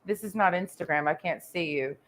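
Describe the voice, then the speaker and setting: Woman from texas cussing out someone on her vlog, low-ish voice, rambly, keeps trailing off on "and". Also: fairly quick, fairly bright tone, a little hiss or hum. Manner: crude, confrontational, swears constantly. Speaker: vlogger. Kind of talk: profane ranting vlog monologue.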